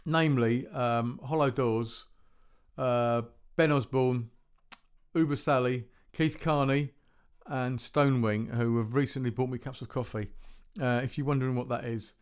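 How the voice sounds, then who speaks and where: Rambling podcast host. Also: male voice, medium pitch, fairly even intonation, unhurried, clean tone. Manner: rambling, self-deprecating, frequent restarts. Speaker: podcast host playing music tracks. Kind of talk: casual podcast chat. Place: home recording room.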